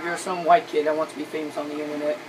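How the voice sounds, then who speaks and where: Low voiced girl doing a gaming vid intro, exasperated and mocking, far from the mic, noisy. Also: little pitch movement, very fast, a crowd in the background. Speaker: gaming channel host. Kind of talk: casual video intro and game chat. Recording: distant noisy home recording.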